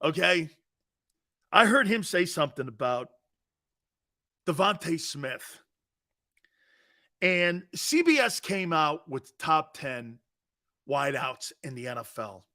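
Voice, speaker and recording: A man's voice: on the high side, slow pace, long pauses. A man hosting a live sports talk show, teasing viewers and laughing often as he reads their comments. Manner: animated, teasing, laughs often, mock apologies.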